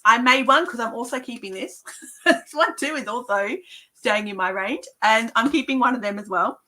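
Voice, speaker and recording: A woman's voice: fairly high pitch, sharp tone, poor audio. A woman who runs a craft shop, chatting casually and gushing over new papercraft stock during a live product show. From Australia. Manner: gushing, enthusiastic.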